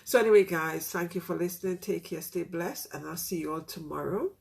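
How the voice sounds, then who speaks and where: A woman's voice: fairly low pitch, brisk, creaky. Candid woman teacher. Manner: candid, heartfelt, with many "you know" fillers. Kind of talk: casual reflective monologue to listeners.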